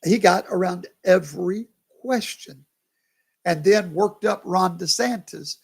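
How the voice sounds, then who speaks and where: A man's voice: high-pitched, unhurried, gravelly, slightly rough. A man, a pastor chatting casually on a livestream, tired and yawning, talking to viewers by name. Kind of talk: casual live commentary.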